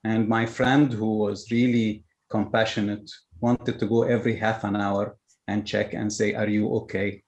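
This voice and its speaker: A man with a low, gravelly voice joining a webinar by video call to share an example. He speaks hesitantly, with plenty of "uh"s as he gathers his thoughts. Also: little pitch movement, a little slow, darkish tone. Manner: hesitant, many "uh" fillers. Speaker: webinar participant. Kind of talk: sharing an anecdote.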